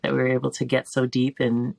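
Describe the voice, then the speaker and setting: A woman's voice: rumbling low, monotone, fast, gravelly, darkish tone, dry recording. A woman in her forties, a teacher and filmmaker, talking as a podcast guest in a heartfelt, searching way with restarts. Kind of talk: reflective podcast interview.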